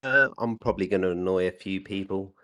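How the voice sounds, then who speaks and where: An English man calling in to a fan podcast, talking football in a measured, pragmatic way. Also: low voice, sharp tone. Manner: measured, pragmatic, listing players. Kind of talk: casual call-in football chat. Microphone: voice chat.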